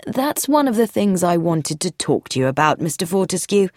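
A woman voicing a calm, probing police inspector who questions in a measured, persistent way. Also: lowish voice, no echo, clean studio sound.

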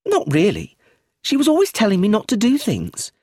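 A precocious little girl voiced by a male narrator with a raised, lively pitch and a smug, eager manner. The husky voice underneath gives her an audiobook feel. The recording is close and dry. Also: moderate pace, no room sound, full character voice. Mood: smug excited.

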